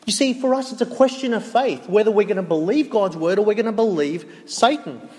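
High-voiced preacher in a reverberant church. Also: male voice, lively intonation, brisk, a little mellow. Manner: earnest, emphatic preaching with repeated phrases. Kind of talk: sermon. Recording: long reverb of a large hall.

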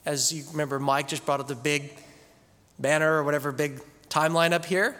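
A male pastor preaching a sermon in a church, telling stories casually and slowing down for emphatic scripture reading. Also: on the high side, steady tone, bright, forceful tone. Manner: conversational storytelling that slows into emphatic scripture reading. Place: church sanctuary. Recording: echoey church hall.

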